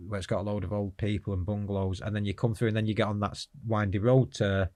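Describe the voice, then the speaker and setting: A man's voice: on the low side, flat delivery, quick pace, darkish tone, dry recording. A man speaking as an interview guest, telling his life story in an earnest, frank and rambling way.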